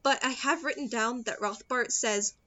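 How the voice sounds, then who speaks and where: A woman's voice: a little high, moderate pace, bright, forceful tone. A young woman in casual chat, rambling and giggling as she recaps a movie and acts out the characters' lines. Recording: dull lo-fi sound.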